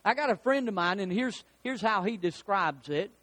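With a high voice and moderate pace, this middle-aged pastor delivers an animated, folksy sermon. Between readings from the Bible, he tells down-home anecdotes.

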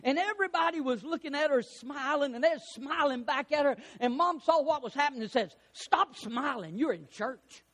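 High-voiced fervent preacher man. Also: fairly quick, hardly any pauses. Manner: fervent, rising to shouts on key lines; preaching with call-and-response questions to the congregation. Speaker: pastor. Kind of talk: sermon.

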